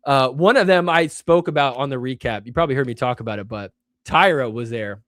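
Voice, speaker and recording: A man hosting a show, telling stories in a casual way with lots of "like", animated and poking fun at himself. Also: mid-range voice, a little fast, no room sound, studio quality. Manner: animated, self-mocking, heavy use of "like". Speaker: show host. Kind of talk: casual solo storytelling.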